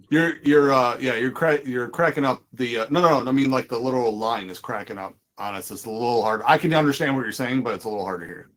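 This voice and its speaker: A man's voice: mid-range voice, fairly quick, fairly bright tone. A man hosts a casual podcast in an ordinary mid-range voice. He rambles and restarts his thoughts, and he quotes other people in little acted-out lines. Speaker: podcast host.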